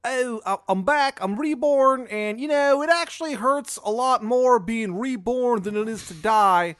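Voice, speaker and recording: A man voicing a whiny, tortured undead man with a Maryland accent, moaning in a high, drawn-out voice. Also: a bit bright, dry recording. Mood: whining.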